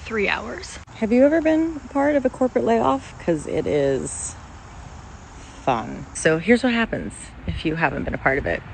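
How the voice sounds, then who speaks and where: A woman's voice: mid-range voice, sing-song, normal speed, creaky, slight background noise, low-quality recording. A woman speaking candidly in a casual vlog about her own layoff, rambling and self-mocking. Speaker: office worker being laid off.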